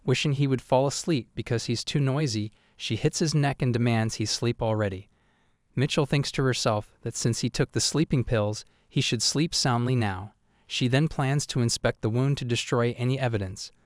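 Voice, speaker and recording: A man's voice: mid-range voice, moderate pace, no room sound. Man with a dry, close recap voice. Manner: steady, even third-person retelling. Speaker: recap narrator. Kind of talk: scripted story recap narration.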